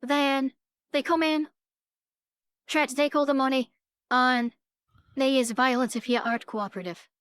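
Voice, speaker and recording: A woman playing a tabletop game, talking through plans in an analytical, measured way. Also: sits high, steady tone, a bit bright, smooth, dry recording, studio quality. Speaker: player.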